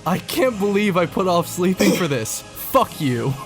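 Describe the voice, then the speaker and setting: A man's voice: high voice, sing-song, measured pace, soft background music. A man co-hosting a podcast in casual chat, mocking his friends with playful exasperation. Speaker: podcast co-host.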